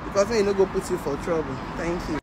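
Nigerian pidgin lady telling a story outside, acts out everyone's voices, street traffic noise loud behind her. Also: lowish voice, quick pace. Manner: animated, acts out the voices of others. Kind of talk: casual storytelling to camera.

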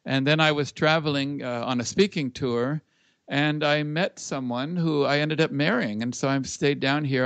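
A man's voice: mid-range voice, clear, resonant tone, no echo. A man with a mid-range voice tells anecdotes at an easy pace over a video call. The audio is dry and close. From Los Angeles. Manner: relaxed anecdotal storyteller. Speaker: guest, public speaker. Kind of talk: casual interview, storytelling.

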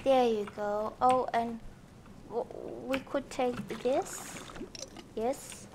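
A woman's voice: fairly high pitch, steady tone, very slow, heavy background noise. A young woman casually commenting on a horror video game she is playing, chatty and self-mocking, laughing often. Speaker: gaming channel host. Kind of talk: casual let's-play commentary.

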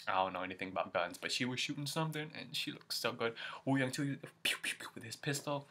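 A young man reacting excitedly to a music video, gushing and exclaiming as he goes. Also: mid-range voice, fast. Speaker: YouTube reaction vlogger.

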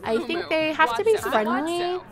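A woman's voice: high-pitched, lively intonation, measured pace, a loud crowd. A woman hosting a let's play, gushing and giggling in casual gameplay commentary.

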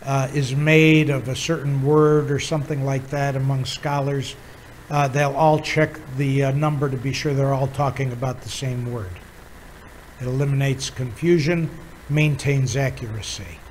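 A man teaching a Bible lesson as a pastor, pausing often with fillers while he explains words. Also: mid-range voice, slight background noise, poor audio. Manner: halting, many filler pauses, chuckles while teaching.

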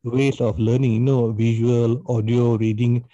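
A man's voice: mid-range voice, little pitch movement, a little slow, mellow, no echo. A man hosting a podcast interview, a math teacher, speaking hesitantly with many restarts. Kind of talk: casual interview chat. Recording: dull lo-fi dry sound.

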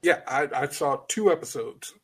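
A man's voice: on the high side, normal speed, a bit bright, husky. Blunt, swearing male podcast co-host. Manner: blunt, profane, rambling with fillers. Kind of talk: casual chat.

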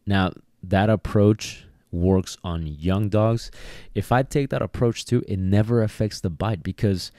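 A man's voice: on the low side, a little slow, mellow, no room sound, clean studio sound. A man teaching dog training on a podcast. He speaks casually, repeats words as he goes, and acts out bits of dialogue. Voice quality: talks in a casual, repetitive way and acts out quoted dialogue. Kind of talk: solo podcast lesson.

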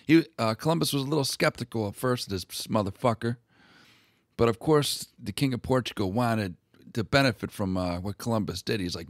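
A man's voice: mid-range voice, no echo. A man retells old historical accounts in a loose, profane and irreverent way, stopping and restarting as he goes. His voice sits in an ordinary middle male range. The recording is dry and close, with no room sound. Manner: irreverent, crude and halting. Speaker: history video host.

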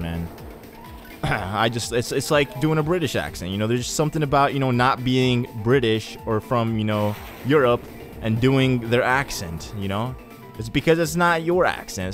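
A young man casually commenting on a racing game as he plays, rambling and chatty with sudden excited bursts. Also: on the low side. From Egyptian heritage. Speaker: let's play host. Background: faint game music.

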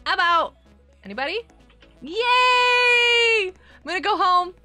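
A woman with a very high voice hosts a casual gameplay live stream. She chats with viewers, greets them by name, and breaks into excited outbursts.

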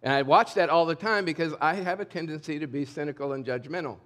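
A man's voice: fairly high pitch, fast. Middle-aged man preaching with candid conviction. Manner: conversational, candid preaching that swings between loud and hushed. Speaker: pastor. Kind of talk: sermon. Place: church sanctuary.

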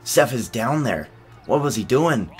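A man giving excitable, sarcastic commentary over a basketball video game, yelping at big plays. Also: medium pitch, measured pace, soft background music. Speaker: gaming channel host. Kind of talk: gameplay commentary.

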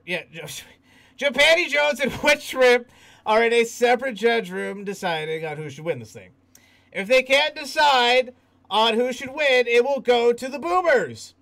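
A male stream host talks loosely with his viewers, laughing as he reads their messages out. His voice sits very high and has a gravelly edge. It is bright and sharp. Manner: laughs often, reads chat aloud. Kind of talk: casual livestream chat.

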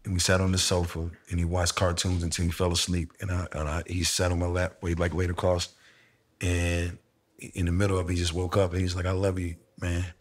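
Middle-aged man, very low and even delivery, reflective casual storyteller. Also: fairly quick. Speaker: interviewee sharing a personal story. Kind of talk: candid conversation.

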